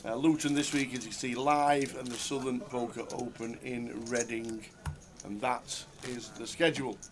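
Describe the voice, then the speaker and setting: Male poker commentator, casual and chatty, mid-pitched. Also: normal speed, slight background noise. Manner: chatty, relaxed, banters with co-host.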